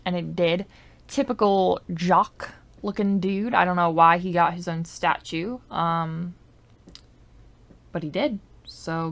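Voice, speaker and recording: A woman YouTuber giving casual, rambling commentary on her game, full of likes and I don't knows, sometimes dropping to soft muttered asides into a desk microphone. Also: on the low side, gravelly. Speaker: gaming YouTuber.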